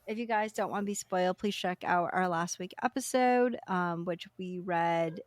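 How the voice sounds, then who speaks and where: A young woman co-hosting a book podcast, chatting casually and acting out characters in quick asides. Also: fairly low pitch, no echo, clean studio sound. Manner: chatty, self-deprecating, acts out characters. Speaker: podcast co-host. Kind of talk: casual book review chat.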